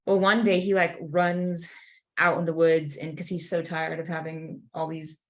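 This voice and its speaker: A woman's voice: low-pitched, unhurried. A woman co-hosting a casual faith podcast, telling a story with lots of fillers and little acted-out voices. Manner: animated storyteller, many "like" fillers. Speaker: podcast co-host.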